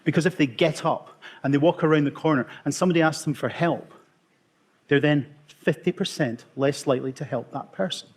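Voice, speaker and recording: A man's voice: on the high side, slightly rough. Wry Scottish man telling stories. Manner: wry, self-mocking storyteller with dramatic pauses. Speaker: emergency consultant giving a talk. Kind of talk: storytelling conference talk.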